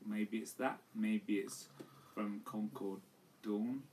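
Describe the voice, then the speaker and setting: A man's voice: on the low side, fairly even intonation, slow, a little mellow. A man co-hosting a casual, tipsy podcast chat, rambling with lots of fillers and some swearing. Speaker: podcast co-host. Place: home live stream. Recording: distant mic with faint room noise.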